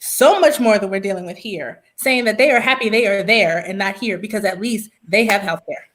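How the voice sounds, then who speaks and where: A woman's voice: medium pitch, brisk, a bit bright. A woman co-hosting a casual political chat, with a voice in the middle range. She talks things through at length, loosely and conversationally. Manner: conversational, explains at length with fillers. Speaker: podcast co-host.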